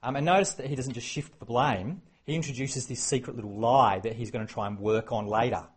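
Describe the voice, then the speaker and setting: A man preaching a sermon, animated and acting out the quoted exchanges. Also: medium pitch, fairly quick, breathy edge. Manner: animated, acts out quoted exchanges, many fillers.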